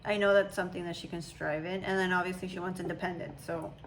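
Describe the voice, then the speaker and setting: A woman in her thirties, a mother chatting casually with her daughter, talking in long, animated, meandering stretches. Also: fairly low pitch, quick pace, slight background noise, low-quality recording. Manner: chatty, animated storytelling with imitations. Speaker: mother, channel host. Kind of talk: casual chat.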